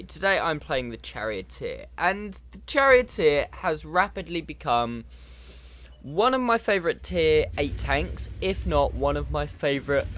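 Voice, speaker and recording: A man narrates a game replay in a casual, chatty way, tossing in jokey asides. His pitch swings widely and he sounds animated. A faint hiss sits under his voice. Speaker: gaming commentator. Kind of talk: casual gameplay commentary.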